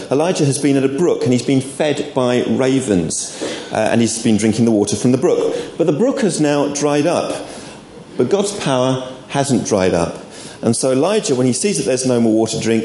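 A man's voice: mid-range voice, dark tone. A man giving an informal sermon at an all-age church service, with friendly asides to the congregation. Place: church hall. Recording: echoey church room, faint background noise.

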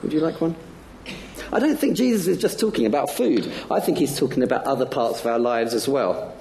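A man's voice: mid-range voice, animated, fairly quick, vocal fry, a little mellow, slight background noise. A man giving a playful talk to children during a church service, asking them many questions. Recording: echoey church hall.

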